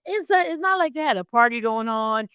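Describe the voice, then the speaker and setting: A woman's voice: a little high, lively intonation, fairly quick, fairly bright tone, clean tone, no echo. A woman co-hosting a casual film review, recapping the plot in a laid-back, swearing way.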